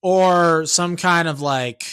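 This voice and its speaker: Talking slowly to camera, the YouTuber-songwriter has a clear, resonant, fairly bright voice on the higher side. His rant meanders as he cuts himself off, begins again, and ends his points with the question "right?"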